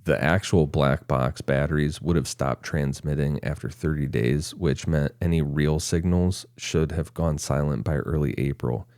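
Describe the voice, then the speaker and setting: Reading his research notes at length on a casual podcast, this co-host occasionally breaks into chuckles. He has a dark bass voice, a steady tone and moderate pace with hardly any pauses, and the studio-quality sound has no room echo.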